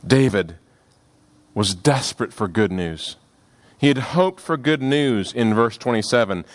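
A man preaching a sermon on a scripture passage, earnest and expressive, rising for emphasis and dropping to hushed, slow phrases. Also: mid-range voice.

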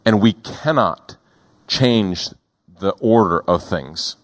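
A male pastor preaching a sermon in a deliberate, emphatic way, slowing down on key words. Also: lowish voice, animated.

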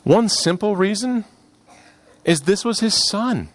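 Here a high-sitting male voice carries a sermon on scripture. The preaching is heartfelt and animated, rising when he stresses a point and dropping to soft, slow phrases.

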